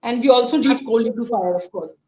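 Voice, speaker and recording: A woman's voice: on the high side, a little fast, darkish tone, reverberant, highs cut off. A woman hosting a live post-match cricket show, analysing the game with many hesitant fillers.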